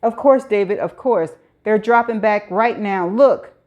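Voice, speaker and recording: A woman's voice: mid-range voice, measured pace, highs cut off, close to an everyday voice. A woman voicing a nervous male police detective who speaks in a soothing, hesitant way.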